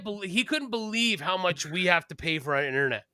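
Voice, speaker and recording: Co-host, Canadian man, forceful bright voice, swears freely while ranting, dry close mic. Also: high voice, animated, brisk, smooth, no room sound. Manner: blunt, profane, ranting. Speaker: podcast co-host. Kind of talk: casual podcast chat.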